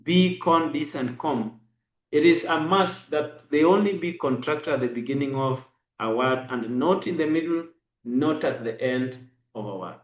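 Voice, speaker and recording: Slow man teaching in an echoey room. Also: on the high side, lo-fi sound. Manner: slow, spells letters and dot numbers. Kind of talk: braille lesson.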